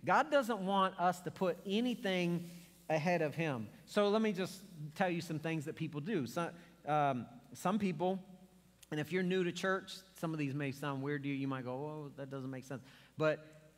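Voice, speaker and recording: A man's voice: on the high side, normal speed. Man preaching with hall reverb. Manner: conversational storytelling with acted quotes. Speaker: pastor. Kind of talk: sermon. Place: church sanctuary.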